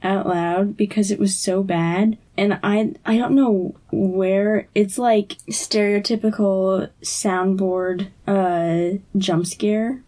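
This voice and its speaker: A woman co-hosting a podcast in casual chat, unhurried, laughing and trailing off mid-sentence. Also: mid-range voice, steady tone, mellow. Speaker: podcast co-host.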